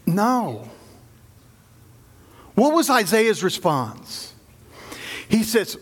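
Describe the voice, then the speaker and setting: A man preaching a sermon, dramatic, dropping to low hushed tones for emphasis and acting out the voices he quotes. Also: very animated, slow pace, pauses often. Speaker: pastor.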